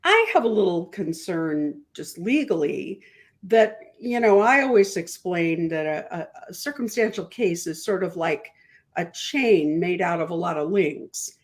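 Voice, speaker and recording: A woman attorney giving measured legal commentary on a podcast, explaining with analogies and stumbling through restarts. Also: lowish voice, lively intonation. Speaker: attorney guest.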